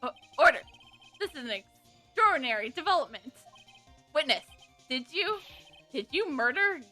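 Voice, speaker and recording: Formal elderly judge for a game, measured and bright — woman voicing. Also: high voice, big pitch swings, soft background music, exaggerated voice.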